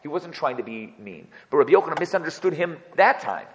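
A man's voice: fairly high pitch, big pitch swings, quick pace, long reverb tail, a little hiss or hum, poor audio. A man teaching a text study class as its teacher. He reads verses and then translates and explains each one. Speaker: Torah teacher.

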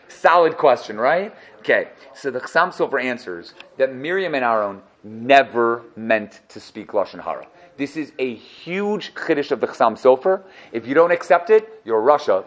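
A man giving a casual Torah class, animated and joking, who acts out little dialogues as he explains. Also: medium pitch. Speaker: Torah teacher.

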